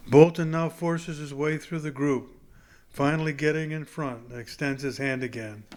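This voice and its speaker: A man reading a novel chapter aloud in a plain, unhurried way. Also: a little high, steady tone, darkish tone. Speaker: audiobook reader.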